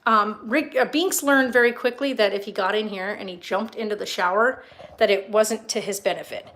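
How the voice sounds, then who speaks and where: A woman's voice: mid-range voice, moderate pace, a bit bright. A young woman chatting casually and rambling a bit as she films a tour of her house and talks to her cats in baby talk. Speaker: vlogger touring her home. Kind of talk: casual home tour vlog. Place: house, indoors and yard.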